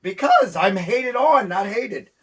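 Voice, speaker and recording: A man's voice: sits high, animated, takes it slowly, slightly rough, recorded from a distance. A man co-hosting a wrestling talk show, indignant and bragging about being a good, humble guy. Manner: boastful, indignant, self-praising. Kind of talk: casual in-character chat.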